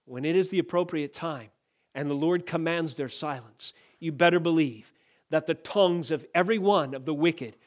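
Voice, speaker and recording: High-voiced man preaching with emphatic force. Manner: emphatic preaching, rising to loud declarations. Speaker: pastor. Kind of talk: sermon.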